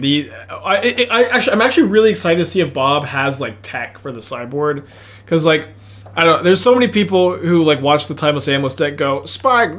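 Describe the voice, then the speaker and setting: Speaking with a Texas accent and a fairly high voice, a man narrates his online card game as he plays it. His casual commentary comes through a desk mic as excitable, rambling thinking aloud that jumps between plays and side thoughts.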